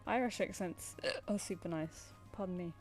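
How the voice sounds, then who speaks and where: Drawing live commissions on stream, a young British woman chats casually and coos playfully at her pet between remarks. She speaks at a normal speed in a lowish, darkish voice, with soft music in the background.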